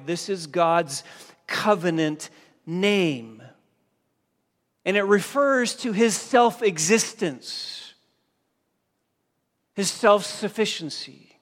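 A man preaching a sermon as a pastor, slow and emphatic, pressing hard on key phrases. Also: fairly high pitch, a bit bright. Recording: long reverb of a large hall.

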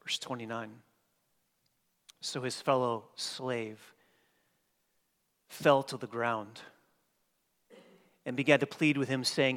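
A man preaching a sermon as pastor, dynamic, swinging from hushed passages to emphatic ones. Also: medium pitch, fairly even intonation, slow, pauses often. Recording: long hall reverb.

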